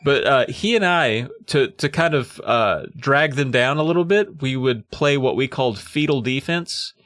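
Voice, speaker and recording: A man's voice: mid-range voice, moderate pace, a bit bright, no echo. A man co-hosting a podcast, retelling a story in a loose, joking way and laughing often. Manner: laughing, jokey, slips into silly voices. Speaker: podcast co-host. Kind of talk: casual chat, retelling a story.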